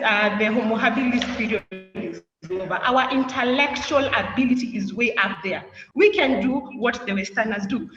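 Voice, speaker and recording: A woman's voice: fairly high pitch, fairly bright tone. A teenage girl giving an impassioned student speech, asking her listeners one question after another. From Kenya. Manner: rhetorical, questioning, earnest. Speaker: student speaker. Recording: echoey hall, distant, muffled, faint noise.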